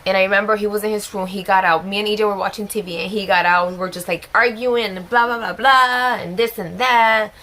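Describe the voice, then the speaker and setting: A young woman vlogging at home with a small child tells a personal story in a chatty, emotional style, often exclaiming. Her medium-pitched voice sounds pushed and bright, with fairly even intonation, a slightly fast pace, and few pauses.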